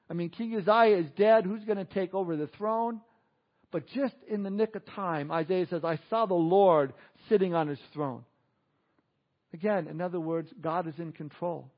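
Pastor, man, high voice, animated storyteller, dull recording. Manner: lively storytelling preacher, dips quiet for emphasis. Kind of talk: Easter sermon. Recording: dull lo-fi audio.

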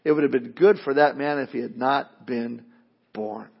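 A man preaching a sermon in a conversational, animated way, with asides and playful mock voices. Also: medium pitch, normal speed, vocal fry, husky, lo-fi sound. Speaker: pastor.

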